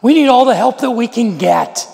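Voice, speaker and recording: A man voicing a frantic ship captain, shouting urgently. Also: very high voice, lively intonation, moderate pace, creaky, long reverb tail, pitched above the performer's own voice, heavily acted.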